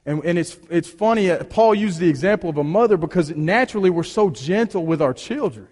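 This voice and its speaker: A man preaching a sermon in a conversational, storytelling way, often restarting his sentences and swinging between hushed and emphatic delivery. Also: high-pitched, expressive, a little fast, in a large hall. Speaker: pastor.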